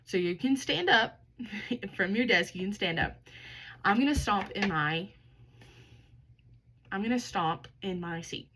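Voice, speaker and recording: A young woman leads a kindergarten lesson at a medium pitch. She stretches out and stresses single words for small children. Faint noise sits under her voice. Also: lively intonation, a bit bright, poor audio. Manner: slow, exaggerated word sounding for young children. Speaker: teacher.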